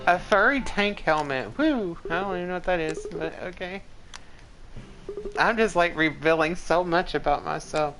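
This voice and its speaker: This woman's voice is fairly low, and the recording is rough. In her forties and streaming games, she tells casual, rambling stories to her live chat, laughing in the middle of sentences and saying "like" a great deal.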